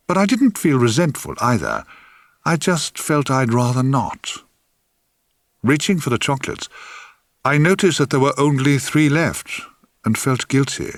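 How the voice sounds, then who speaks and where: A man reading his own memoir aloud in a wry, theatrical way, sometimes dropping to a hush. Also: medium pitch, dry recording, clean studio sound. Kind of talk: audiobook memoir narration.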